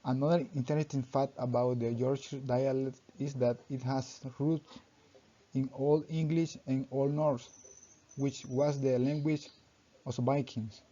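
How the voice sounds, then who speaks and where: Halting young man reading a class talk. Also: medium pitch, fairly even intonation, mellow. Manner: halting reading, often restarting sentences with "so". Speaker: student presenter. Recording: dull lo-fi recording.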